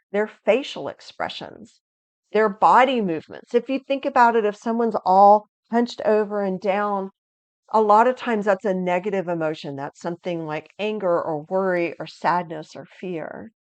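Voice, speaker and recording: A woman presenting a video lesson on understanding emotions, with an energetic, inviting teaching tone. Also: medium pitch, no echo, highs cut off. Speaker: resilience educator.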